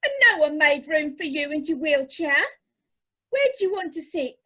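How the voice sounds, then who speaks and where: A woman's voice: sits high, moderate pace, bright, forceful tone. An actress playing an exasperated grown daughter pushing her mother's wheelchair, complaining, recorded over a video call for an amateur radio play. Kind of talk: amateur radio drama acting. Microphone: remote video call.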